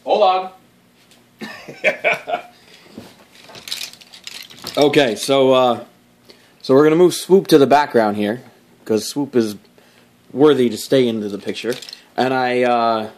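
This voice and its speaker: A man hosting a casual toy review, rambling and joking, laughing often and swearing offhandedly. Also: medium pitch.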